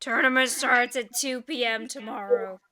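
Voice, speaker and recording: A woman voicing a small, gruff male goblin announcer with a British accent who shouts and can't keep his volume down. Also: on the high side, moderate pace. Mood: shouty.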